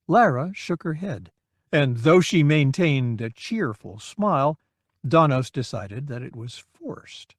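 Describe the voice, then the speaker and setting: In this clean studio recording with no echo, a man narrates an audiobook. He tells the story in a measured, expressive way, his voice sitting in the mid-range.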